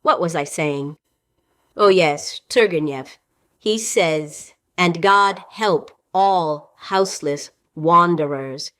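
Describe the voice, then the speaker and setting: A woman's voice: on the low side, takes it slowly, fairly bright tone, no echo, clean studio sound. Nina, a woman reading a weary young actress. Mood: wistful. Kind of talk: play reading.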